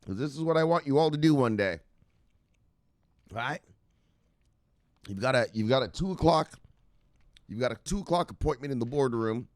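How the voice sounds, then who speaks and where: A man's voice: medium pitch, no room sound. A man hosting a crypto news show who rants casually and profanely, laughing and acting out scenes. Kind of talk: casual rant.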